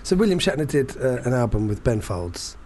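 A man's voice: medium pitch, big pitch swings, brisk, a little mellow, a little hiss or hum. A man chatting casually as a podcast co-host, telling rambling anecdotes full of fillers and restarts. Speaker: performance poet. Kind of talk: casual chat.

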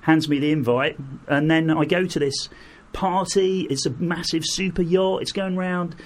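A middle-aged man, a guest, telling lively anecdotes and acting out the people in them. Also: fairly high pitch, moderate pace. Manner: animated anecdotes, acts out quoted voices, laughs through. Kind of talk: storytelling in an interview.

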